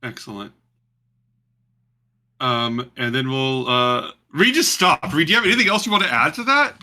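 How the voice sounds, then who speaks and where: A man's voice: medium pitch, normal speed, sharp tone. A man running a tabletop game online, joking loosely with many ums as he introduces the players. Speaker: game master. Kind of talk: casual game narration and chat.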